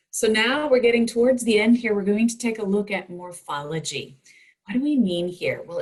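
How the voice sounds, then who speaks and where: A woman presenting at an online conference for teachers, explaining reading skills with expressive emphasis over a computer mic. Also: medium pitch, husky, rough recording. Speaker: dyslexia educator presenting to teachers.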